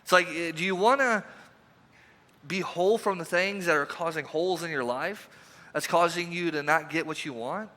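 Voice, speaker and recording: A pastor giving a conversational, emphatic sermon, asking the congregation repeated questions, recorded in a church sanctuary. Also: male voice, on the high side, normal speed, sharp tone. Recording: reverberant church hall.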